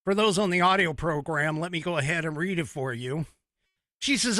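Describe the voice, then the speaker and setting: A man's voice: a little high, normal speed, sharp tone, no room sound, studio quality. A man hosting an opinion podcast, ranting angrily in a profane monologue. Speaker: podcast host.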